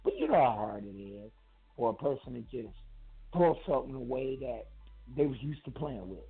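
A man's voice: medium pitch, animated, normal speed, soft background music. A man calling in to a talk show, chatting casually in a laid-back, slangy way and laughing often. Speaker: caller. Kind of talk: casual call-in chat. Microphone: phone. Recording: gravelly voice over phone line.

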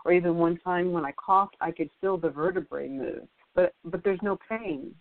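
A woman's voice: lowish voice, dry recording. A woman calling in for a reading, talking hesitantly in casual chat with many fillers. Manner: hesitant, halting, lots of fillers. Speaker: caller getting a reading. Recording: tinny phone line.

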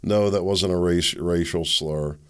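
A man's voice: deep voice, steady tone, measured pace, clear, resonant tone. A man hosting a solo commentary show, rambling and opinionated, with sardonic asides. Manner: rambling, opinionated, sardonic, with mocking put-on quotes. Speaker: podcast host.

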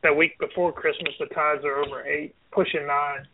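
Man from coastal Georgia, radio chat guest, matter-of-fact, higher voice, tinny phone line. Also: moderate pace. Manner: steady, matter-of-fact explaining.

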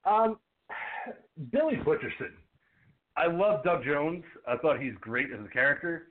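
This man talks with a lively voice that swoops up and down as he picks apart a movie. He swears freely and slips into mock character voices. The sound is squeezed and tinny, as if it came over a phone line. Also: fairly high pitch, measured pace. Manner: animated, profane, acts out characters. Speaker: podcast co-host. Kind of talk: casual film discussion. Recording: phone-like narrow audio.

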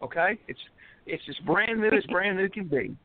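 A man's voice: sits high, lively intonation, normal speed, dry recording. Rambling upbeat man on a phone line. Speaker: poet and regular caller. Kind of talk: casual chat.

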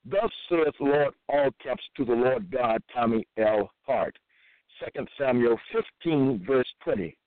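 A man preaching a sermon, reading out Bible verses slowly with short repeated asides between them. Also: mid-range voice, expressive, no echo. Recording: tinny, phone-like dry audio.

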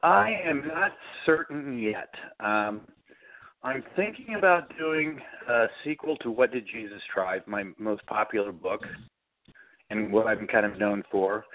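A man's voice: lowish voice, expressive, measured pace. Man telling stories over a tinny phone line. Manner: storytelling, acts out quoted voices. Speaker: guest author. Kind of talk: phone interview answers.

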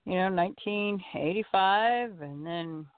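A woman's voice: medium pitch, measured pace, no echo. Woman chiming in over a tinny line. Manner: chiming in briefly, agreeable. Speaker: guest. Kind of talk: casual chat. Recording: tinny phone-like sound.

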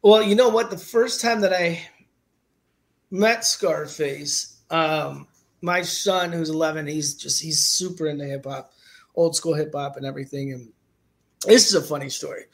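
A man in his forties, a music manager and guest on an interview show, telling stories in a casual, animated way and laughing often. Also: a little high, a little slow, gravelly.

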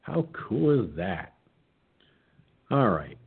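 Husky man on a tinny phone line. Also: fairly low pitch, very animated, very slow. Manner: sarcastic, swears, keeps yawning and stumbling. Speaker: internet radio show host. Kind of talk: casual reading and commenting on news.

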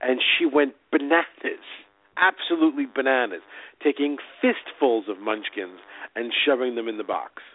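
A man's voice: mid-range voice, normal speed. A man co-hosting a podcast in casual chat, telling rambling stories with restarts. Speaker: podcast co-host. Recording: dry, phone-like sound.

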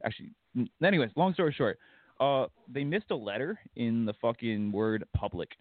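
A man's voice: medium pitch, brisk, no room sound. A man co-hosting a casual podcast from Canada, joking and swearing, laughing as he reads out headlines. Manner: profane, joking, laughs while reading. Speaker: podcast co-host. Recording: phone-like dry sound.

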